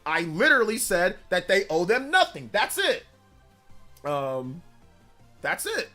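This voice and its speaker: A young man hosts a casual livestream and argues his point back at the chat. His voice sits high and bright, and he talks defensively, circling back to the same claim. Faint music plays behind him. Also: big pitch swings, measured pace. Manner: defensive, repeats himself, argumentative. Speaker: livestream host. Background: background music.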